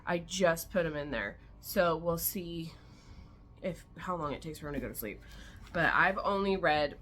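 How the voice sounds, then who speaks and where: A woman's voice: deep voice, moderate pace, fairly bright tone. A young woman talking casually to her camera at home in a frank, chatty reading vlog, a little worn down and frustrated. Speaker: vlogger.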